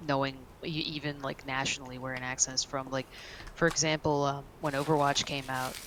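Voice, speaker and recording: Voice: mid-range voice, flat delivery, brisk, noisy background. A gamer chatting casually and self-deprecatingly about accents. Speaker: gamer in voice chat. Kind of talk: casual chat.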